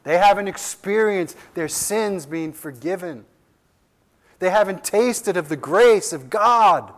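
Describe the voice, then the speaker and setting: A man's voice: sits high, unhurried. A man preaching a sermon with emphatic delivery, repeating key lines and letting his voice rise and drop sharply. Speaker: pastor.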